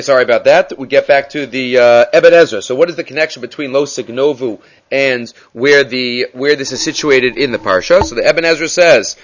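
A man giving a casual Torah class, switching between Hebrew terms and English, with animated emphasis on key points. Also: on the high side. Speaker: Torah teacher. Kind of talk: daily Torah class on the mitzvot.

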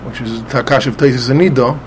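A man's voice: mid-range voice, fairly even intonation, fairly quick, a little hiss or hum. Methodical man explaining a Talmud text. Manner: repeats words often while explaining, patient and methodical; spells out Hebrew letters and vowels with Ashkenazi pronunciation. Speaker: Talmud study teacher.

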